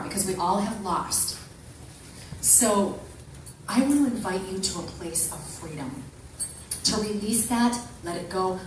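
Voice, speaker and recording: A woman giving an animated motivational talk to a women's group, acting out the people she quotes. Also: medium pitch. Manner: animated, acts out quoted voices. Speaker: motivational speaker. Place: meeting room with an audience. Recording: echoey room from far off, faint noise.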